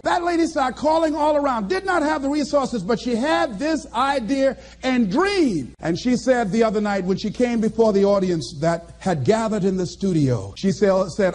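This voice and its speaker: A man's voice: very high voice, lively intonation, normal speed, hardly any pauses, darkish tone. A man giving an emphatic, preacher-like motivational speech to a live audience, stretching key phrases. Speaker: motivational speaker.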